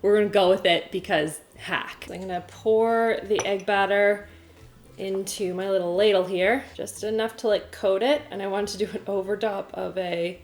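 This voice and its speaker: A woman's voice: medium pitch, steady tone, normal speed. A pregnant young woman in her kitchen, chatting to a camera on a stand as she cooks and mocking herself. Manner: chatty, self-mocking, talks to herself while cooking. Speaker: cooking vlogger. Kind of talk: casual chat to camera. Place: home kitchen.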